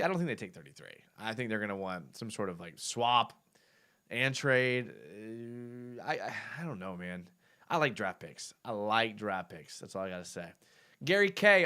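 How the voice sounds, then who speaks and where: A young man chats loosely on a live stream, answering viewers as he goes. His pitch swings widely as he talks, and he stumbles and restarts, stringing thoughts together on the fly. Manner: rambling, self-correcting, animated. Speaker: live show host. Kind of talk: casual live-stream chat reading viewer comments.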